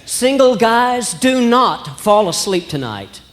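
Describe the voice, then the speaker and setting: A man from Alabama with a Southern accent, doing a stand-up comedy set in a slow, folksy drawl. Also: very high voice, big pitch swings. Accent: Southern American. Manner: slow folksy drawl, acts out voices in his stories. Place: church hall with a live audience. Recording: long hall reverb, faint room noise.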